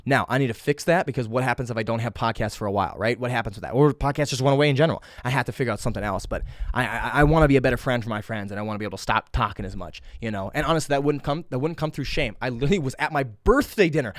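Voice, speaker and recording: A young man hosting his own podcast, talking loudly and fast in a rambling way, full of restarts and swearing, straight to a camera. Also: medium pitch, no room sound, clean studio sound. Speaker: podcast host. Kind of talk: casual solo podcast monologue. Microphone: camera mic.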